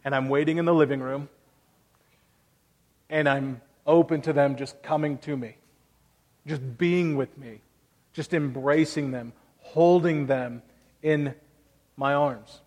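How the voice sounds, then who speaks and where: A man in his thirties preaches with earnest, conversational warmth, weaving personal stories into the sermon. His voice sits a little high. The sound carries a long church reverb. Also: steady tone, slow pace, long pauses. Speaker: pastor.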